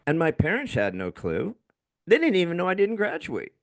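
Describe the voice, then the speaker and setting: A man hosting a podcast tells a story in a relaxed way, laughing often and slipping into other people's voices. His voice is gravelly and swings lively up and down, and the recording sounds close and dry. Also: a little high, moderate pace, dry recording. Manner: laid-back, laughs often, acts out voices. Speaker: podcast host. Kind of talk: casual storytelling.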